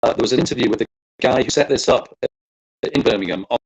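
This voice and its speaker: A man from the UK, a guest on a chat show, explaining things at length with halting restarts. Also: medium pitch, slightly rough, low-quality recording. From United Kingdom. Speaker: guest co-host. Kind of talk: casual chat.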